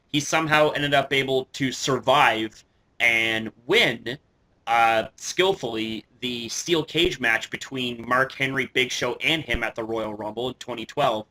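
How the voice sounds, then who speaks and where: A man giving casual wrestling commentary on his vlog, excitable, swearing often and padding his speech with fillers and restarts. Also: medium pitch. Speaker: wrestling vlogger.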